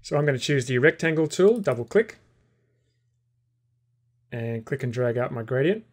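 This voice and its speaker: A man walks through a screen-recorded software tutorial at an even, unhurried pace, speaking in a mid-range voice. He explains each step calmly, the way an instructor narrates while clicking through a program. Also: mid-range voice.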